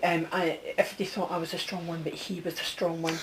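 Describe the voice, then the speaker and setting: During a one-to-one reading, a psychic medium chats as she passes on messages, frequently checking in with her sitter. Her voice is lowish with little pitch movement and a fairly quick pace, on a low-quality recording with some hiss or hum.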